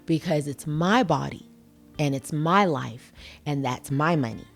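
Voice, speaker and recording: A woman's voice: deep voice, a little slow, vocal fry, soft background music. A woman hosting her own podcast, talking to listeners in a playful, emphatic way and acting out little conversations. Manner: emphatic, playful, acts out dialogue. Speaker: podcast host. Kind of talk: casual solo podcast talk.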